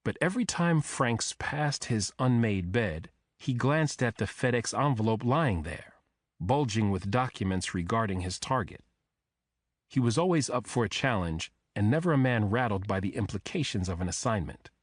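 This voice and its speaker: A man narrating a thriller audiobook in the first person, telling the story in a measured, even way. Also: on the low side, no room sound, clean studio sound.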